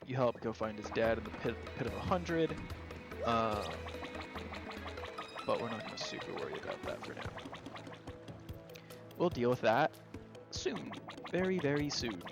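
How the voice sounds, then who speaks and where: A man's voice: medium pitch, big pitch swings, measured pace, gravelly, long pauses. A man giving casual, rambling gameplay commentary, correcting himself as he goes. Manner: rambling and offhand, self-correcting. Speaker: let's play host. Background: game music.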